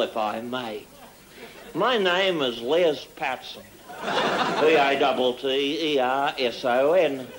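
A man playing a drunk, crude, middle-aged Australian diplomat with a broad Australian accent, giving a pompous, rambling speech in a television comedy sketch. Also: fairly high pitch. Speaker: comic character monologue. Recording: old 1970s TV broadcast with hiss. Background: studio audience laughter.

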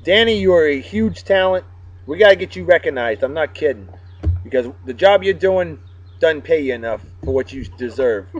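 A man hosts a casual vlog, upbeat and joking as he gives shout-outs to friends. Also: fairly high pitch, lively intonation, moderate pace, a little hiss or hum. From Massachusetts. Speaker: vlog host. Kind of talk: casual chat. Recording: dull, dry sound.

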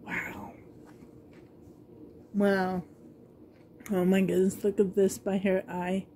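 A woman's voice: mid-range voice, monotone, dark tone, slight background noise. A woman vlogger gushing over a new doll in a casual unboxing vlog, coughing now and then. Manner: gushing, breathy with delight, slow.

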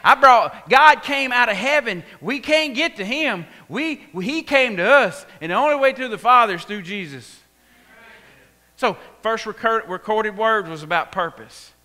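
In a church sanctuary with long hall reverb, a Texan man preaches a sermon at an unhurried pace. His high, bright voice leaps up and down as he acts out the story with animated delivery.

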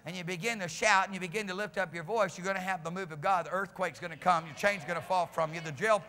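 A male pastor preaching a fiery sermon in a church, repeating phrases and swinging between shouts and low, quiet lines. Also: fast talker. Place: church sanctuary. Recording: reverberant church hall.

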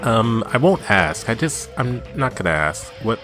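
Excitable man yelling at a video game. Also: mid-range voice, a little slow, over music. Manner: chatty, self-talking asides between outbursts. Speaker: let's play gamer. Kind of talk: let's play commentary.

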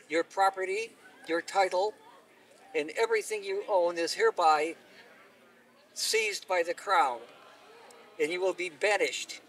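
A man's voice: high-pitched, exaggerated voice. A man voicing a just, commanding king who speaks in formal courtly phrases, recorded from a distance outdoors. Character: stately middle-aged male king, just and commanding.

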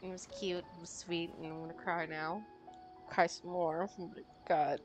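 A woman's voice: on the low side, level tone, normal speed, soft background music. Gushing, rambling woman gamer. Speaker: game streamer. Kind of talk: casual game commentary.

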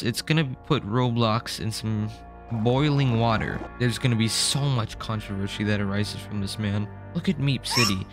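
A young man talks through gaming news in a casual vlog, tossing in sarcastic jokes. His voice sits at an ordinary middle pitch. Faint music plays underneath. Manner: joking, sarcastic. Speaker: gaming YouTuber.

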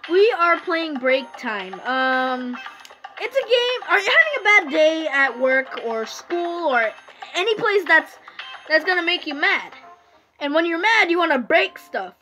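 A woman's voice: very high-pitched, very animated, measured pace, sharp tone, soft background music. A woman giving casual, rambling commentary while playing a phone game, with many fillers and restarts. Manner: rambling, chatty, self-interrupting with fillers. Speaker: gaming YouTuber. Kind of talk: casual let's-play commentary. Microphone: phone screen recording.

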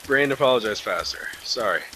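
A man's voice: mid-range voice, animated, brisk, bright, forceful tone, slight background noise, poor audio. A tired man hosting a late-night game video, muttering and cursing under his breath. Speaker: let's play host. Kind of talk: casual gameplay commentary.

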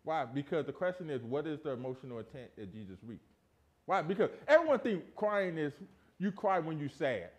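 A man delivering a church sermon, his carrying emphatic rhetorical questions. His pitch sits a little high and swoops widely as he swings from loud declarations to hushed asides. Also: sing-song, a little fast. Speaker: pastor. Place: church sanctuary.

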